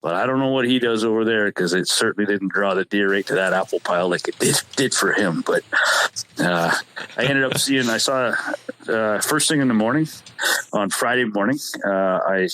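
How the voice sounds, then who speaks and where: Low-voiced man telling a hunting story. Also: fairly bright tone, slight background noise, low-quality recording. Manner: halting, repeats words and restarts often. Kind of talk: casual storytelling chat.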